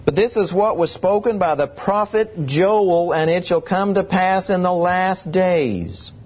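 Male preacher, higher voice, husky, dull lo-fi sound, emphatic sermon delivery. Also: measured pace. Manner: emphatic, rhetorical questions.

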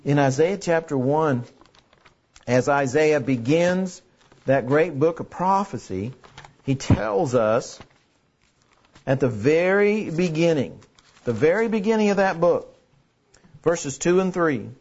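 A man's voice: on the high side, lively intonation, slow, pauses often, a little mellow, lo-fi sound. A man preaching a sermon in an earnest way, repeating key phrases for emphasis. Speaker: pastor.

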